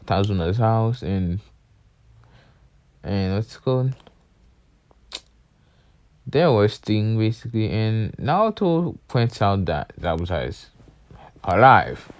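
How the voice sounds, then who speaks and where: A man's voice: lowish voice, darkish tone, no room sound. A young man casually retelling a story, rambling along and leaning on fillers as he goes. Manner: rambling, leans on "basically" and "was like". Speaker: channel host.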